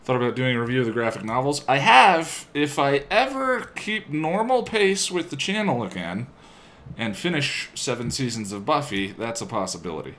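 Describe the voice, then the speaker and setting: A man's voice: medium pitch, sing-song, moderate pace, fairly bright tone. A man live-streaming his video editing, chatting casually with viewers and muttering to himself while he works at a home desk.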